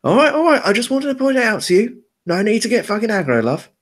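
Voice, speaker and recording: A man's voice: high voice, very animated, fast, pitched above the performer's own voice. A man voicing an aggressive young pub thug who swears at everyone. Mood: defensive. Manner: swearing, hostile and mocking.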